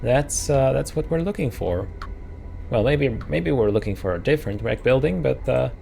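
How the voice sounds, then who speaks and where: Musing gravelly-voiced gamer guy. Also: medium pitch, expressive, normal speed, dark tone, faint music behind. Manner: musing, hesitant, thinking aloud. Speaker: let's play host. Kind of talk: casual gameplay commentary.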